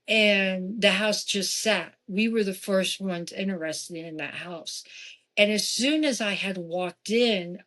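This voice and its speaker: A woman guest on a podcast telling a personal story in a casual, animated way. She acts out quoted lines of dialogue and often breaks off into asides. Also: medium pitch. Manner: frequent asides and restarts.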